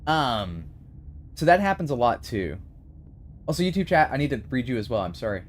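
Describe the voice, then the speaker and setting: A man live-streaming from his desk, talking casually to chat and answering their messages as they scroll by. His voice rises and falls in a lively way, and a faint background hum sits under the recording. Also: medium pitch, fairly quick. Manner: chatty, reads and answers chat, animated.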